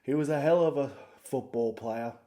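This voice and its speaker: A man's voice: mid-range voice, moderate pace, mellow, lightly acted. A man voicing a doting mother who speaks fondly and reassuringly to her young son about his late father, delivered in a comedy podcast. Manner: fond, reassuring.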